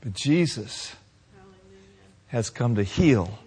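A man preaching a sermon to his congregation, building to shouted passages and calling for responses. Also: mid-range voice, animated, takes it slowly, breathy edge. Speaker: pastor.

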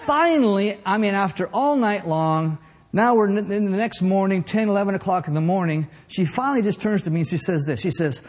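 A man's voice: high voice, animated, fairly quick, darkish tone. A middle-aged man preaching a sermon, telling a humorous story and then building into fervent preaching. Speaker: pastor.

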